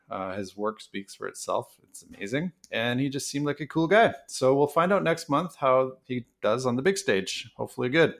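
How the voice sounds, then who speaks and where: A man casually introducing a podcast episode in an easygoing, informal way. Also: mid-range voice.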